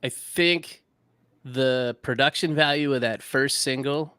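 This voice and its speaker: Bright-voiced man telling a story casually. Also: medium pitch, slow, smooth, no echo. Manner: laid-back, self-deprecating storyteller. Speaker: podcast co-host. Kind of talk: casual comedic history chat.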